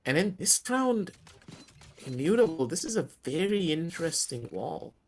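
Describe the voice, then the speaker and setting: A man casting a live esports match over a voice call, excitable and quick to shout at big plays. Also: fairly high pitch, a little hiss or hum. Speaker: esports caster. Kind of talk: live game commentary. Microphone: headset over voice call.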